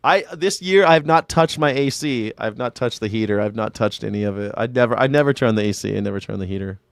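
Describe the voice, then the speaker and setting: Man, livestream chat, rambling, sarcastic, smooth voice, dry close mic. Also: on the low side, quick pace, no room sound. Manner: rambling, profane, sarcastic, talks to viewers by name. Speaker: independent news and culture commentator. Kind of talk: casual livestream chat reading viewer comments.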